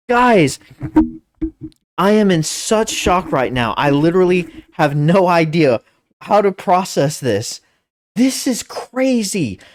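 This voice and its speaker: A woman hosts a reaction commentary, excitable and stammering with disbelief. Her pitch swings widely as she talks. She speaks at an unhurried pace. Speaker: channel host.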